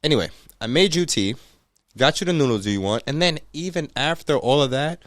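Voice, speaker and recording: Animated, profane man telling a story. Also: on the high side, a little fast, dry recording, studio quality. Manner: profane, animated retelling with quoted voices. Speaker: podcast co-host. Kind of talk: casual chat, storytelling.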